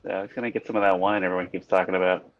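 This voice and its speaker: A man's voice: low-pitched, little pitch movement, racing, highs cut off. A man playing a tabletop role-playing game, joking around with the group. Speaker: player.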